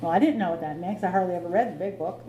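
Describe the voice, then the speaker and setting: A middle-aged woman with a lowish voice talks fast at a recovery meeting, candidly sharing her personal recovery story and laughing at herself. The room is echoey, and there's background noise.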